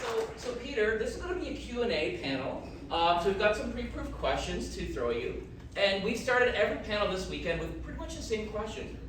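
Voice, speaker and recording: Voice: mid-range voice, very animated, brisk, few pauses. A panel moderator introducing a guest and asking questions in a friendly announcer tone. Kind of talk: event hosting and questions. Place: large convention hall. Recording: echoey hall, distant mic, noisy.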